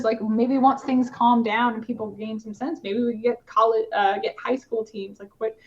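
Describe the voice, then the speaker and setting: A woman who shoots competitively talks casually in a podcast interview, her voice fairly high with a steady intonation and measured pace. She uses lots of fillers and restarts, and the lo-fi podcast audio sounds a bit dull.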